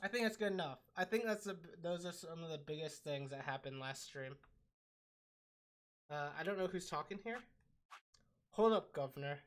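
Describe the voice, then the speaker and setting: A woman streamer with a low-pitched voice chats casually through a game at normal speed, greeting her chat and reacting with amusement.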